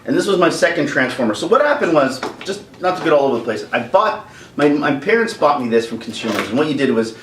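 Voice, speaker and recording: A man from Canada rambles through a comic childhood story, his voice jumping all over the place. He talks a little high for a man, and the sound is roomy and distant, with a faint hum of ambience behind him. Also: quick pace. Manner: animated, rambling, jokey. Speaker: vlogger. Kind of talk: comedic storytelling vlog. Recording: roomy echo, distant mic.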